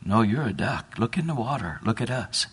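A man's voice: mid-range voice, lively intonation, normal speed, husky. A man preaching, voicing a flock of friendly wild ducks who coax a young duck to fly.

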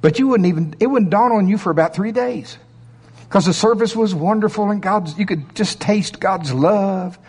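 A man's voice: sits high, moderate pace, darkish tone, husky, long reverb tail. Man preaching a conversational sermon. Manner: conversational storytelling with asides and rhetorical questions. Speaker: pastor.

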